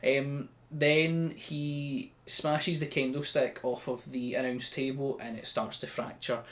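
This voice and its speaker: A man's voice: mid-range voice, little pitch movement, takes it slowly, a bit bright. Chatty Scottish man hosting a podcast. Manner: chatty, loose and joking, with many restarts. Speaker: podcast host. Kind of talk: casual podcast chat recapping a show.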